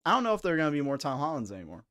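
A man's voice: fairly high pitch, huge pitch swings, rapid-fire, a bit bright, no echo, studio quality. A man hosting a live-streamed comedy talk show, sounding playful and exasperated. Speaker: host.

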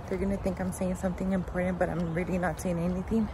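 A woman's voice: fairly low pitch, little pitch movement, fast, background noise. A young woman chatting casually as she films a hike outdoors, easygoing and narrating what she sees around her. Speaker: vlogger on a honeymoon hike. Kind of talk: casual vlog chat. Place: outdoor nature trail by a creek.

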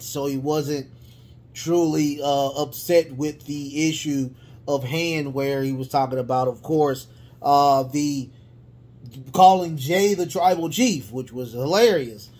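A man talking through a wrestling recap in loose, casual speech. His voice sits a little higher than most men's. He rambles, stumbles over restarts and fills gaps with "uh" and "um", then lights up with excitement. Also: slow. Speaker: wrestling show reviewer.

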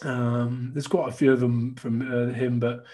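A man riffing on a podcast panel in a loose, casual way. He reads online comments aloud with an amused, mocking edge. He keeps an everyday speaking pitch. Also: flat delivery, measured pace, warm tone. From Scotland. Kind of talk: casual chat.

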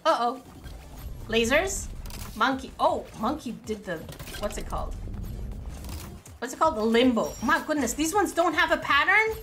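A woman streaming a game live with her viewers, excitable and giggly, full of exclamations. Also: sits high, moderate pace, pauses often. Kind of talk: casual live gaming commentary.

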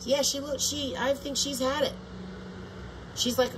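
A woman's voice: fairly high pitch, moderate pace, background noise. An older woman vlogging in a meandering, profane monologue full of restarts. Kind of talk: rambling casual monologue.

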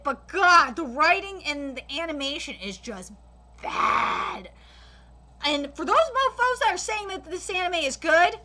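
High, bright-voiced woman ranting. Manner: frequent swearing, halting restarts; exasperated and emphatic. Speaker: anime reaction host. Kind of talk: live reaction and critique.

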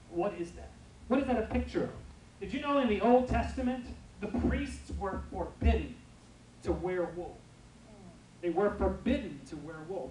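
A high-voiced male pastor gives a lively, funny sermon packed with stories and asides to his congregation. It was recorded in a church, picked up from far off in a roomy space with faint noise.

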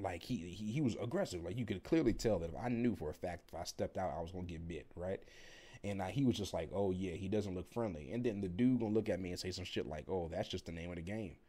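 A man's voice: sits low, fairly quick. A young man rambling casually through a work story, blunt and profane, acting out what others said. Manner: rambling, profane, animated when quoting others. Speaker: delivery driver vlogger.

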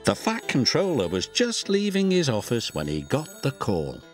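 A man giving scripted storybook narration for a cartoon, expressive and gently paced. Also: mid-range voice, moderate pace. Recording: music score behind.

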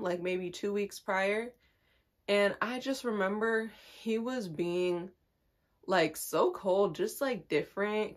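Chatty young woman telling a story. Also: lowish voice. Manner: chatty, confiding, laughs through the story. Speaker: vlogger. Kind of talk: casual storytime.

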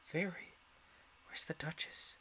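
A man's voice: fairly high pitch, expressive, normal speed, slight background noise, close to an everyday voice. A man voicing a polite but firm young girl who speaks decidedly. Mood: earnest. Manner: decided, slightly raised voice.

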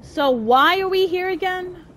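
A woman giving frustrated live commentary while playing a video game, shouting orders and complaints at the character. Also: very high voice, a little slow, a little hiss or hum. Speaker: gameplay streamer. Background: game music.

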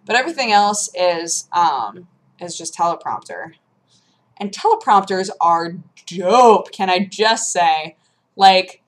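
Woman vlogger, casual home chat to camera, rambling and animated. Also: fairly low pitch. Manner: rambling, animated, many fillers and restarts. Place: home room.

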